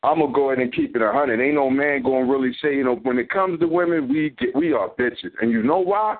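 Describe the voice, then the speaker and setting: A man hosting a radio talk show in casual chat, blunt and animated, swearing freely. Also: mid-range voice, quick pace. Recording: phone-like narrow band.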